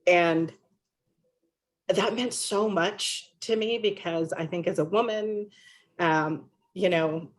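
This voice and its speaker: Low-voiced woman telling an earnest story. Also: slow. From Latina and Filipino heritage. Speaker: panelist. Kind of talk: panel discussion.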